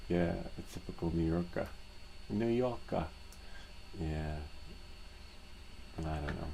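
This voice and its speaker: A man's voice: deep voice, fairly even intonation, measured pace, creaky, long pauses, mellow, a little hiss or hum, rough recording. A man hosting a live stream, chatting casually and rambling, laughing easily.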